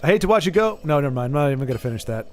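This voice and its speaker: A man's voice: a little high, sing-song, very fast. A man streaming a game, chatting casually with his viewers and often stammering and restarting his sentences. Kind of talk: casual live-stream chat while gaming.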